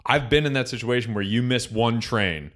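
A man's voice: medium pitch, moderate pace. A young man, talking in casual, profane podcast chat. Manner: profane, joking, animated impressions.

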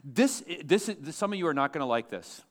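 A man's voice: a little high, big pitch swings, a little fast. A man pastor preaching a sermon to his church, emphatic and asking the congregation questions.

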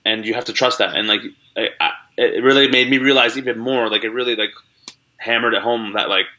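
A man's voice: mid-range voice, steady tone, brisk, sharp tone. A young man, a comedian, chatting as an interview guest in a rambling way, full of likes and restarts. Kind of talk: casual interview chat.

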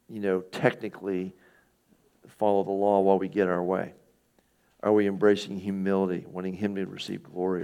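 Male pastor, middle-aged, low gravelly voice, relaxed conversational sermon. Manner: conversational, asks the listeners questions, acts out quoted speakers.

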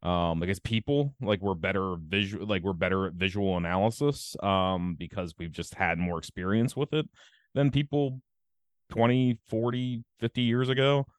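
Man, podcast host, very low voice, casual rambling chat, profane, dry sound. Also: steady tone, normal speed, clear, resonant tone, dry recording. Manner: rambling, profane, many fillers.

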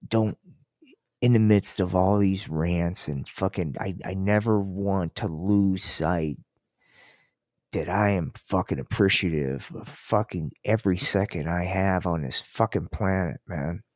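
A man's voice: sits low, measured pace, a little mellow, no echo, studio quality. An older man hosting a podcast, rambling through a casual, profane monologue full of restarts. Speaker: podcast host. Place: Colorado.

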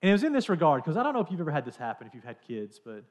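A man preaching to his congregation in a relaxed, talkative way, his voice sitting a little high for a man. He tells stories as he goes and often shifts between quiet asides and lively, raised passages. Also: rapid-fire. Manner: conversational, animated storytelling. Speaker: pastor. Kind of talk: sermon.

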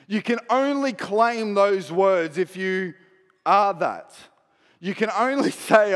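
A male pastor preaching a sermon in a conversational way, with soft asides that build to emphatic declarations. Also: high-pitched, slow. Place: church hall. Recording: long hall reverb.

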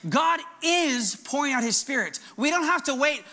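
Fervent, animated male pastor preaching. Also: extremely high pitch, moderate pace. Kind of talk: sermon.

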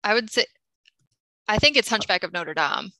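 A woman playing a quiz game, hesitant and thinking out loud as she guesses. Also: medium pitch, animated, fairly quick, dry recording. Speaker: quiz contestant. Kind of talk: casual game chat.

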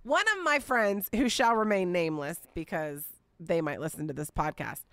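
A woman in her forties hosting a casual Bible teaching podcast, chatty and expressive, with playful asides. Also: lowish voice, moderate pace, dry recording. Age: 40s.

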